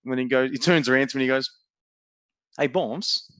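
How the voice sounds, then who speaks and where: A man's voice: mid-range voice, racing, smooth, no echo. Australian man telling a teasing story. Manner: animated teasing storyteller, swears freely. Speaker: podcast co-host. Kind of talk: casual banter, storytelling. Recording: dry, dull lo-fi sound.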